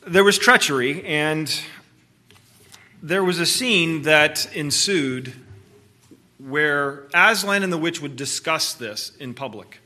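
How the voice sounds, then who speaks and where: Bright, earnest male storyteller. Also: mid-range voice. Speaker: speaker reading from a book. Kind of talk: storybook reading with commentary.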